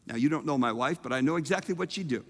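A man preaching a sermon, emphatic and humorous, with dramatic pauses. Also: mid-range voice, fairly bright tone. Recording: reverberant hall.

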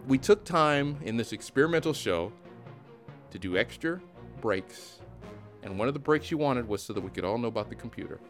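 A man hosting a casual comedic sports talk show, animated and teasing. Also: mid-range voice, normal speed, faint music behind. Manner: animated, teasing, mock-dramatic. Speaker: podcast host.

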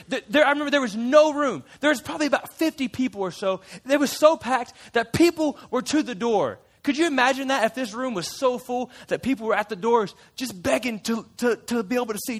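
Playing a folksy fisherman disciple recalling his memories, a man retells a story to a church group in a chatty, playful style full of side remarks. His voice is extremely high, a bit bright, and exaggerated.

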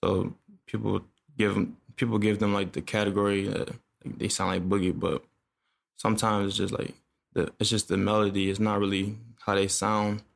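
A young man from upstate New York, a music producer talking in a laid-back, halting way with lots of fillers. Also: on the low side, little pitch movement, gravelly. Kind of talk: casual interview chat.

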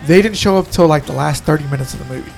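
A man's voice: fairly high pitch, rapid-fire, gravelly, a little mellow, soft background music. A man co-hosting a casual podcast chat, telling rambling, profane stories full of restarts. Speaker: podcast co-host.

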